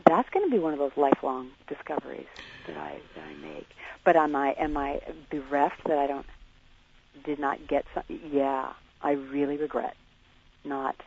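A woman guest in a radio interview talks slowly and searchingly, often restarting her thoughts as she questions herself. Her voice is gravelly and breathy. The recording sounds muffled and lo-fi. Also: extremely low pitch, animated, darkish tone. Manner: halting, searching, self-questioning.

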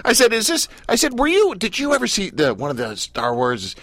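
A man's voice: high-pitched, huge pitch swings, brisk, fairly bright tone, no room sound, studio quality. A man hosting a radio show, teasing his guest with playful, stammering banter. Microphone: studio mic.

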